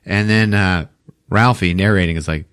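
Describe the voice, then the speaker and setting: A man's voice: normal speed, a bit bright, clean tone. A man hosting a podcast, recapping a movie with profane jokes. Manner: profane, acts out characters in squeaky voices. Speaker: podcast host.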